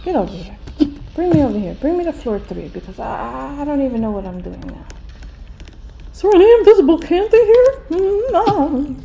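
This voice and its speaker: A woman's voice: sits high, sing-song, moderate pace, gravelly, mellow, a little hiss or hum. An older woman hosting a gaming channel, grumbling through a game with grumpy, sarcastic commentary.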